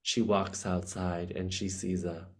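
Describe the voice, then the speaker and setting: Brief: crude, jokey male co-host, lower voice, loose casual chat. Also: level tone. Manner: blunt, crude and jokey, with quick swings in loudness. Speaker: comedy podcast co-host.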